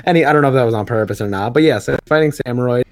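A man's voice: mid-range voice, racing, crowd noise. A man co-hosting a podcast, recapping comic books in casual chat, with many fillers and restarts. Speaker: podcast co-host.

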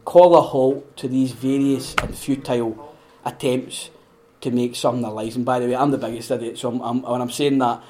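A Scottish man hosting a podcast and preaching in a conversational way, animated, laughing often and acting out voices. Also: medium pitch, normal speed, a little hiss or hum. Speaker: podcast host.

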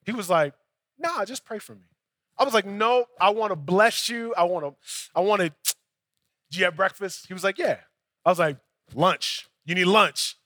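A young male pastor tells a story from the pulpit in a loose, chatty preaching style, playing out both voices of each exchange. His voice sits high and sounds bright and forceful. The sound is close and dry, with no room echo. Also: moderate pace. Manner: conversational storytelling preacher, acts out dialogue. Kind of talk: sermon.

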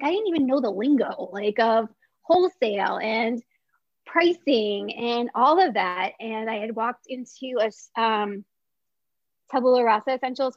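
Chatty, excitable woman on a dull recording. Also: fairly high pitch, no room sound. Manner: chatty and excitable, many filler words. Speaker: small business founder. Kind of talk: casual storytelling interview.

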